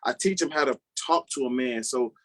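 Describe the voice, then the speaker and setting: A man with a Chicago accent appears as a guest father on a casual podcast interview. His mid-range, fairly bright voice moves a little fast as he talks earnestly, repeating many words.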